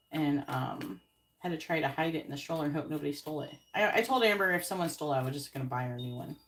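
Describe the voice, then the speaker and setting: A woman's voice: deep voice, a little hiss or hum. A woman who hosts tarot readings, telling a story in an indignant, casual rant full of swearing and fillers. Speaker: tarot card reader host.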